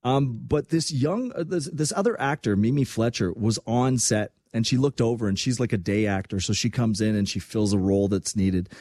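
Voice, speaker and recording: A man hosting a casual talk radio show, telling stories in an animated, emphatic way. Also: medium pitch, moderate pace, few pauses, no echo.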